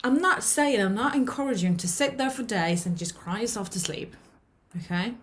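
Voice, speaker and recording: A woman's voice: on the high side, lively intonation, normal speed. A woman giving a motivational self-help talk, reassuring and often checking in with the listener, repeating words as she thinks aloud.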